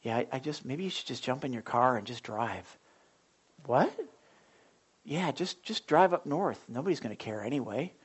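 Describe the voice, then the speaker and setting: A man voicing a coaxing male tempter spirit in a sermon, speaking in a low, quiet murmur. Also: expressive, moderate pace, slightly rough.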